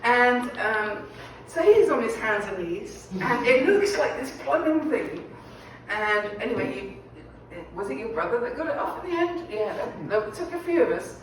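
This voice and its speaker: A woman's voice: a little high, very animated, normal speed. A woman pastor chattily introducing a guest at a church celebration, laughing often. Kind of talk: informal event introduction. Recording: echoey hall, distant mic, faint noise.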